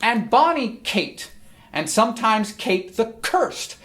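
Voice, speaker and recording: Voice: mid-range voice, sing-song, slow, a bit bright, pitched above the performer's own voice. A teacher reading aloud as a persistent young male suitor, declaiming verse with emphatic repetition.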